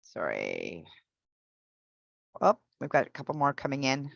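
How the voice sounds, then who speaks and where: A woman teaching an English pronunciation class online. She explains patiently and repeats each example slowly. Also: extremely low pitch, wildly swooping pitch, gravelly, dry recording, muffled recording.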